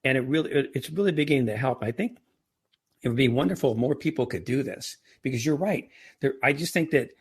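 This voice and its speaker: A man's voice: medium pitch, quick pace, breathy edge. A man as a podcast guest, talking earnestly and telling anecdotes in a conversational interview. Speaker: podcast guest, entrepreneur and author.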